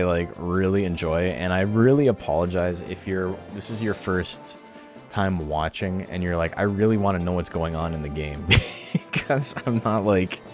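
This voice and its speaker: A man's voice: low voice, a little mellow. A man streaming a game tournament, chatting casually and rambling in a laid-back way, swearing now and then.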